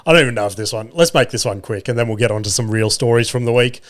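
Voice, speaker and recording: A man's voice: mid-range voice, quick pace. An Australian man in his thirties hosting a podcast, telling family stories casually, swearing freely, laughing and acting out the voices of his family. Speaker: podcast host. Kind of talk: casual storytelling monologue.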